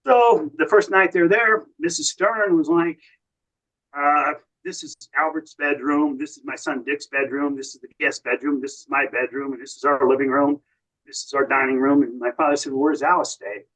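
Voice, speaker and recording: An American man tells long, winding stories as a podcast guest. His voice sits at a plain, middle pitch. He keeps slipping into quoted lines from other people as he goes. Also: steady tone, moderate pace, a bit bright, low-quality recording. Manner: long anecdotal storytelling, quoting others. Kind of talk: casual storytelling.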